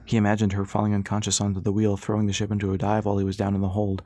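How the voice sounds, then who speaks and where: Low-voiced male audiobook narrator. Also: no room sound. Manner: steady, measured storytelling.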